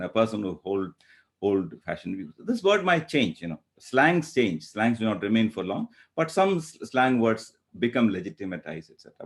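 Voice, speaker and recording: A man in his fifties with a Kerala Indian English accent, giving a university lecture with frequent hesitations and repeated words. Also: fairly low pitch. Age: 50s. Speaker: English professor.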